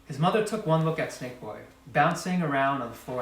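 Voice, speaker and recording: A man reading a children's storybook aloud in a lively, expressive way. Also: a little high, fairly quick, few pauses, reverberant, recorded from a distance, poor audio. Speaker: storybook reader.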